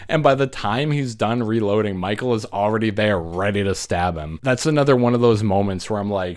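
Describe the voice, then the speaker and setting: A man casually recapping a horror movie, animated, acting out the characters and laughing as he goes. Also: lowish voice, brisk. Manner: animated retelling, acts out characters, laughs often. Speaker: movie reviewer.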